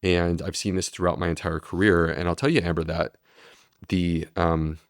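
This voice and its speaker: Deep-voiced man explaining earnestly. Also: little pitch movement, moderate pace, clear, resonant tone, no echo, studio quality. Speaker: gastroenterologist guest. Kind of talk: podcast interview.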